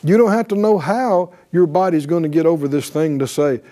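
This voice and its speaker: Preaching emphatically at a fairly quick pace, a man with a high-leaning, dark-toned voice keeps calling for responses with "right?" He reads scripture aloud and shifts into voiced quotes.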